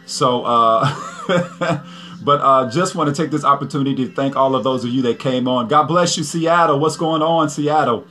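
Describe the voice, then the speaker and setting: A man's voice: mid-range voice, moderate pace, pushed and bright, faint music behind. A man, a pastor and prophet greeting viewers on a livestream, upbeat and chatty, repeating his greetings.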